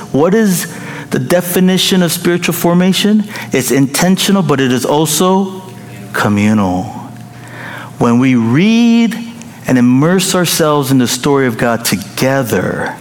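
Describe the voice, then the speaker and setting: A middle-aged male pastor preaching a sermon in a playful, joking way, chuckling often. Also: medium pitch. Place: large church hall. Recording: reverberant hall with faint noise.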